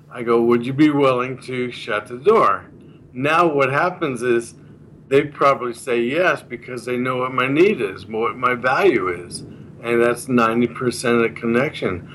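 A man's voice: mid-range voice, measured pace, pushed and bright, slight background noise, low-quality recording. Earnest man explaining step by step. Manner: earnest, explanatory, repeats key points. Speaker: guest explaining a communication course. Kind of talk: casual interview chat.

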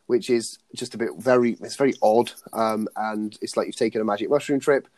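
A man's voice: on the low side, steady tone, a little fast, darkish tone, no echo. A man co-hosting a podcast, chatting casually about films, with frequent restarts and easy laughter. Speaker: podcast co-host.

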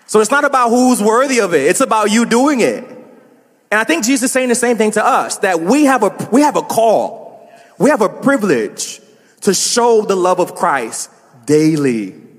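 A man's voice: sits high, sing-song, moderate pace, breathy edge, long reverb tail. A man preaching a sermon as a pastor, talking casually to the congregation with asides and laughs.

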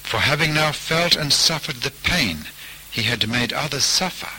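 A man telling a folk tale as storybook narration, in a measured way. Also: medium pitch, lively intonation, pushed and bright, a little hiss or hum, low-quality recording.

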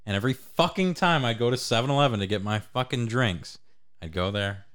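A man's voice: mid-range voice, brisk, a bit bright. A man in casual chat as a podcast co-host, given to crude, joking banter.

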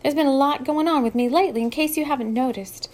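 A woman's voice: high-pitched, quick pace, darkish tone, voice pushed up, lightly acted. A woman reading an audiobook, voicing a nervous young woman who stammers and then gathers momentum. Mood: nervous, earnest. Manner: hesitant, stammers then speeds up.

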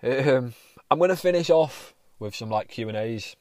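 This solo podcast host has a medium-pitched, darkish voice with lively intonation and speaks at a normal speed, recorded dry. His talk is casual and rambling, with lots of restarts and casual cursing.

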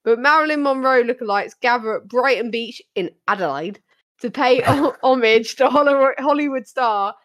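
A woman's voice: on the high side, normal speed, fairly bright tone, no room sound, lo-fi sound. A British woman co-hosting a casual podcast, chatty and bubbly as she reads out light news stories and laughs often. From Britain. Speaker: podcast co-host.

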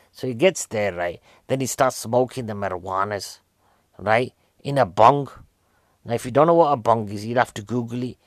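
Speaking at a medium pitch in a dry recording, this male film reviewer wanders through a funny summary of a film. He chats away, keeps tossing out rhetorical questions, and leans on "right?" again and again.

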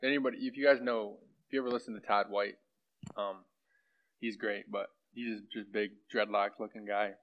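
A man's voice: fairly low pitch, steady tone, moderate pace. A young man preaching in a casual, conversational way, often asking "right?" to the room. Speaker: pastor. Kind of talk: sermon. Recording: dull lo-fi sound.

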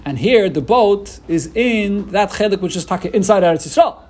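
A man giving a casual Talmud lecture, animated and emphatic, often restarting his phrases. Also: sits high, moderate pace. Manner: animated, emphatic, with many restarts and Hebrew-Yiddish terms. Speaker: Talmud teacher.

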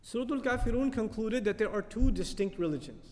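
Fast, high-voiced man teaching in a reverberant hall. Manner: animated, questioning the audience. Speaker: Quran teacher. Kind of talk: tafsir lecture.

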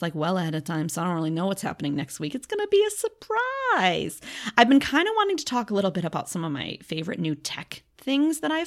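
A woman's voice: medium pitch, gravelly, a bit bright. A woman hosting a podcast, chatty and effusive, wired on coffee as she signs off. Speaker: podcast host. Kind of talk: casual podcast outro.

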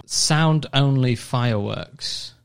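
A man co-hosting a casual radio-style show, chatty and easily excited. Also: mid-range voice, slow, creaky, soft background music. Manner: chatty, excitable, cooing over fireworks. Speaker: podcast co-host.

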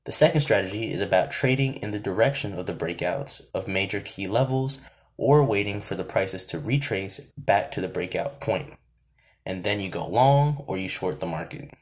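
A man explaining trading chart setups in a steady, methodical way, now and then breaking off to talk to himself. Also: fairly low pitch. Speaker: trading educator.

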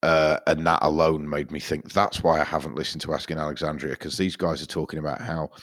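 Deep-voiced sweary man. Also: little pitch movement, brisk, fairly bright tone, dry recording, clean studio sound. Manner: sweary, rambling storyteller. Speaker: podcast co-host. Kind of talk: casual chat.

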